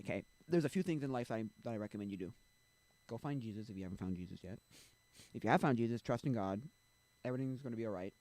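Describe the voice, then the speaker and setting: A man's voice: mid-range voice, darkish tone, no echo, low-quality recording. Rambling man chatting on a livestream. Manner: rambling, blunt, restarts and asides to chat. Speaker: streamer. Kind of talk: casual livestream chat. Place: home streaming setup.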